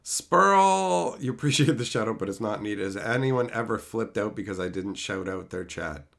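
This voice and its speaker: A man's voice: on the low side, moderate pace, creaky. A man hosting a live stream, reading viewers' names and chatting casually, swearing freely. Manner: animated, reads chat names aloud, swears freely.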